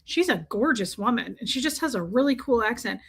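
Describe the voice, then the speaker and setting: A woman's voice: fairly high pitch, animated, brisk, fairly bright tone, husky. A woman hosting a casual livestream, chatting and rambling while greeting viewers by name. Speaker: livestream host.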